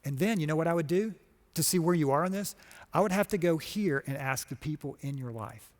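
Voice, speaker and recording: A middle-aged man from Georgia delivers a motivational talk on a conference stage. His voice sits a bit high for a man. He tells stories with animated energy and acts out quoted lines. His voice carries a long hall reverb. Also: brisk. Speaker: conference speaker.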